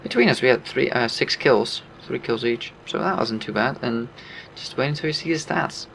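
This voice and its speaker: A man talks through his own gameplay in a relaxed, casual way, laughing often as he explains each move. His voice has a gravelly edge at a middle pitch. A faint hiss sits under the recording. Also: normal speed. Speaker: gameplay commentator.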